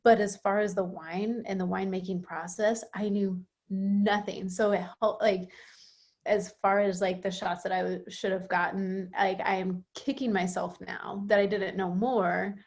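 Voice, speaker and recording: A woman's voice: medium pitch, fairly even intonation, moderate pace, darkish tone. A woman guest on a podcast, chatty and self-deprecating, with lots of "like" fillers. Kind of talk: casual podcast chat.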